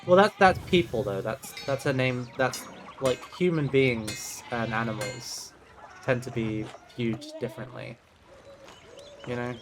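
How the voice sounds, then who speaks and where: A man's voice: mid-range voice, unhurried, slight background noise. A young man streaming a game, commenting casually in a rambling, self-deprecating way. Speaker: gaming streamer. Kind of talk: casual let's-play commentary.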